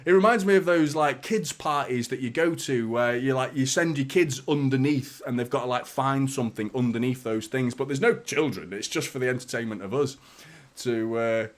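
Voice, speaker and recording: A man's voice: mid-range voice, moderate pace. Chatty man on a live stream. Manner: chatty, greets viewers by name, swears casually. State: a little out of breath. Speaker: football watchalong streamer. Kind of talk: casual live stream chat.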